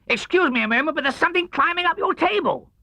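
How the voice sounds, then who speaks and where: A high, cheerful, bouncy tiger. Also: male voice, fast talker, no room sound, exaggerated voice. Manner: cheerful, excitable, very decided. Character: bouncy boastful young male tiger. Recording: dull, dry 1970s LP studio recording.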